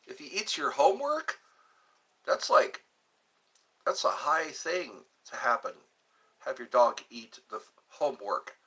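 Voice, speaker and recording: A man hosting a casual livestream, reading viewer comments aloud and answering them in a slow, drawn-out, jokey way, often repeating his phrases. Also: medium pitch, big pitch swings, pushed and bright, breathy edge. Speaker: livestream host.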